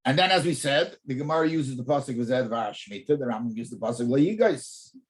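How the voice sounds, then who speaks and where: Rabbi giving a Talmud class, pitch leaps around a lot, stammers words while thinking. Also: male voice, a little fast. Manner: animated, repeats words while thinking, poses rhetorical questions. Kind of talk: in-depth Torah class.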